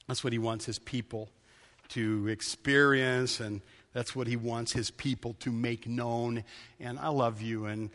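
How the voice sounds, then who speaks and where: A man's voice: medium pitch, a little slow. Man preaching in a reverberant church. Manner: conversational storytelling, lively then hushed and earnest. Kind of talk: sermon.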